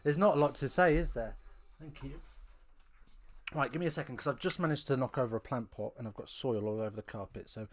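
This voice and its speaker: A man's voice: medium pitch, brisk, a little hiss or hum. A man hosting a live rugby watch-along from home, chatting casually with rambling, wry asides.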